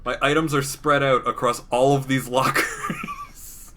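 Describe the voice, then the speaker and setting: Laughing, slow-talking young man. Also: medium pitch, huge pitch swings, heavy background noise. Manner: laughs often, joking. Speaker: game streamer. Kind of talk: casual let's-play commentary.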